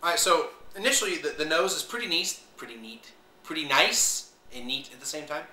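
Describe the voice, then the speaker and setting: Bright-voiced man reviewing wine in an echoey room. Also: fairly high pitch, expressive, fairly quick, distant mic. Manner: rambling, many fillers, unsure of pronunciations. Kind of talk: casual video review. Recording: echoey room, voice away from mic.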